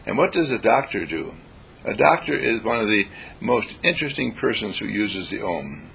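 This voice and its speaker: A man giving a spiritual lecture in an animated way, acting out everyday examples and chanting sounds. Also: fairly low pitch, moderate pace, gravelly, slight background noise.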